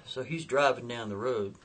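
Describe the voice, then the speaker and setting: A man's voice: mid-range voice, expressive, slow, a bit bright, breathy edge. A man telling a spooky story in a chatty, casual way, checking in with the listener. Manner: chatty, asks listeners "right?".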